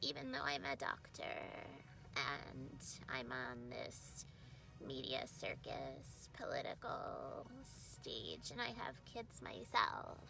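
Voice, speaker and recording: An actress doing an impression of a grown woman with a babyish, breathy voice full of heavy vocal fry, in a comedic clip. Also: extremely low pitch, sing-song, music in the background, heavily acted, poor audio. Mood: mocking. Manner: breathy, halting, whispery.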